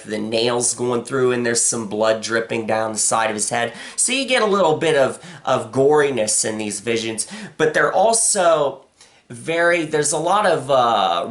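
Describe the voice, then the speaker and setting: Woman, deep voice, casual film review, rambling, profane, lots of fillers.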